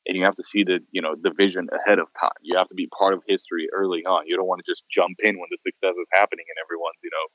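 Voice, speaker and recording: A man's voice: low voice, very fast, hardly any pauses, no echo, lo-fi sound. A man who works as a photographer tells stories in a casual podcast chat and acts out the people he quotes. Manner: animated storyteller, acts out quotes.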